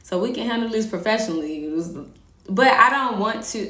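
A woman talking casually about faith as host, animated and slangy, laughing often. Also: on the high side, a little fast, roomy sound. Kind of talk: casual faith talk to camera.

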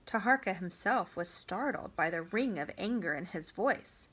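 A woman reading a novel aloud for a homeschool class, narrating in an even, measured way. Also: on the low side, breathy edge.

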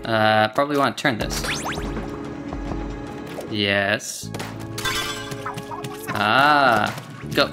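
A gaming video creator commentating their own play, reacting with yelps, groans and quick outbursts. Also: mid-range voice. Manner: excitable, yelps and groans at game events. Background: game music.

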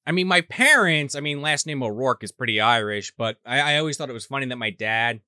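A man's voice: mid-range voice, expressive, fast talker, sharp tone, no echo, studio quality. A man co-hosting a movie podcast, talking in a rambling, chatty way that keeps correcting itself. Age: adult. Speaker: podcast co-host. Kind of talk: casual chat.

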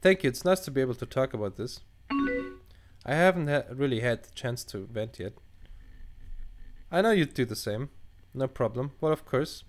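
At home at his computer, a let's play gamer reads out the dialogue of a chat-based game, breaking in with crude, sarcastic jokes. His mid-range voice is expressive and moves at normal speed with frequent pauses, over soft background music.

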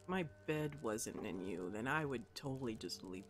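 A woman commentating as she plays a video game, talking to the objects on screen and swinging between mopey asides and excited outbursts. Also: rumbling low, normal speed, soft background music. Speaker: gamer. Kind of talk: let's play commentary.

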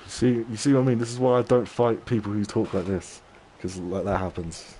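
With a warm, lowish, fairly flat-pitched voice and brisk pace, a young streamer trash talks his viewers during a live fighting-game stream, cockily daring them to wager. A little hiss or hum sits under the audio.

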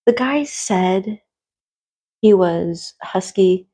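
Rambling, hushed woman mukbang vlogger. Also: medium pitch, animated, extremely slow, breathy edge. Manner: rambling, filler-heavy, sometimes swears; speaks in a hushed tone while eating. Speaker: food vlogger and streamer. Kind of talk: casual mukbang chat.

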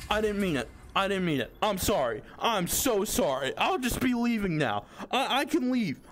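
Jittery young gamer man, pitch all over. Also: a bit bright. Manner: jumpy, swears, pleads with the game. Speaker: gamer playing a horror game. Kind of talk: nervous let's-play commentary.

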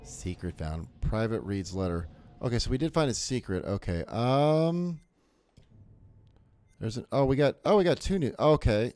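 Chatty, animated male game streamer. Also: medium pitch, normal speed, no echo. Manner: chatty, swearing, jokey. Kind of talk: casual live game commentary.

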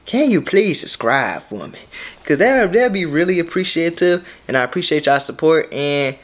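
A man's voice: a little high, very animated, moderate pace. A young man vlogging from his car, complaining in an overblown, melodramatic way. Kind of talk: casual vlog.

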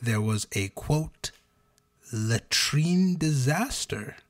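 A man co-hosting a casual podcast, telling fun facts in a storytelling way with animated bursts at the punchlines. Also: fairly high pitch, drawn-out words. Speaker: podcast co-host.

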